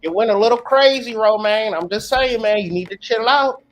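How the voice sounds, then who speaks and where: A man's voice: high-pitched, normal speed, fairly bright tone. A man voicing a cautious male friend who coaxes him to tone it down, mildly scolding. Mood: coaxing.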